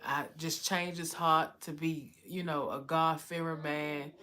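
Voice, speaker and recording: A woman's voice: low-pitched, steady tone, a little slow, pushed and bright. Woman, heartfelt testimony, casual storytelling. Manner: heartfelt, repeats "you know" often. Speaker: vlogger telling her story. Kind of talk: emotional personal testimony.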